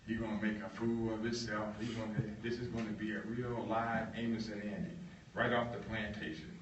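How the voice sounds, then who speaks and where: A man voicing a boastful, mocking male plantation boss who talks loud and bossy, in a roomy hall. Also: on the low side, flat delivery, a little fast, distant mic, lo-fi sound, background noise, natural voice. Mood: sly snickering. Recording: roomy hall, heard from afar.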